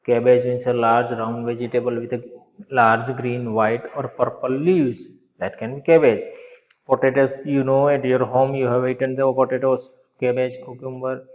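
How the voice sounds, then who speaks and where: Speaking at normal speed in a mid-range voice with little pitch movement, a man teaches young pupils about a school story, frequently asking the class something and supplying the answer himself. The sound is dull and lo-fi, captured in an echoey room.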